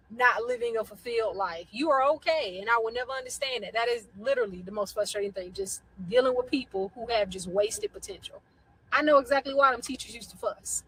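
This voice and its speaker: A woman's voice: fairly high pitch, fairly bright tone, slightly rough, no echo, rough recording. A woman on a podcast giving emphatic, frustrated opinions in a ranting manner.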